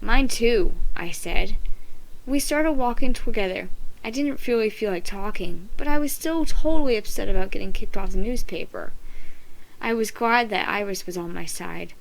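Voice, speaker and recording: A mother reading a children's chapter book aloud in an expressive, dramatic way. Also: medium pitch, moderate pace, creaky, poor audio. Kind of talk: storybook read-aloud.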